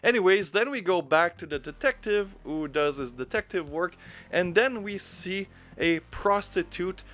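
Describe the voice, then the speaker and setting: A man's voice: high voice, lively intonation, unhurried, fairly bright tone, soft background music. Sarcastic, foul-mouthed man reviewing films. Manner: crude, sarcastic, swears often. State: mildly intoxicated. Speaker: film reviewer. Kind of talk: casual film review monologue.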